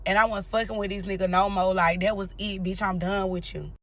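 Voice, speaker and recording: A woman's voice: mid-range voice, flat delivery, brisk, a bit bright. Blunt profane woman storyteller. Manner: blunt, profane, talks straight to viewers. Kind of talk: casual storytime vlog.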